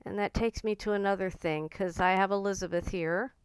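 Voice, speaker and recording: A woman vlogger talking in an earnest, gentle and confiding way about her own feelings. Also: medium pitch, fairly even intonation, fairly quick, smooth, no room sound. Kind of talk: personal reflective talk to camera.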